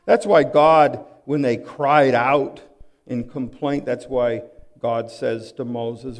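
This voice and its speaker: A pastor preaching a sermon, dramatic and full of rhetorical questions, swinging from hushed to loud. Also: male voice, medium pitch, takes it slowly. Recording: long hall reverb.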